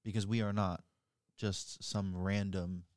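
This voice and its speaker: Laid-back low-voiced podcast co-host. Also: male voice, flat delivery, measured pace, a little mellow, dry recording, studio quality. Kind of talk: casual reflective chat.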